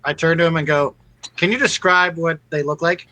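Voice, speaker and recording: A man's voice: a little high, steady tone, a little fast, pushed and bright, a little hiss or hum, poor audio. A man playing a tabletop game, chatting casually and playfully with laughs.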